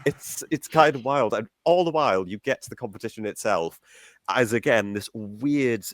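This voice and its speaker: A man's voice: mid-range voice, lively intonation, moderate pace, dry recording. A man chatting enthusiastically on a podcast, reviewing a film with laughs and asides. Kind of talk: casual chat.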